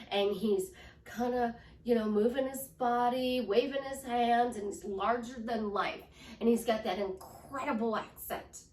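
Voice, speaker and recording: A life coach teaches with enthusiasm, her fairly high voice swinging up and down to show how tone changes. It's motivational teaching, captured from a distance and off-mic in a room with plenty of echo.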